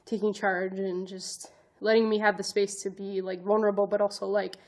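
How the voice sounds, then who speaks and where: A woman's mid-range, slightly mellow voice stays fairly flat in pitch and moves at a moderate pace as she tells a personal story on her vlog. She is a vlogger, advocate and educator whose earnest, emotional, self-conscious account rambles with "like" fillers and restarts.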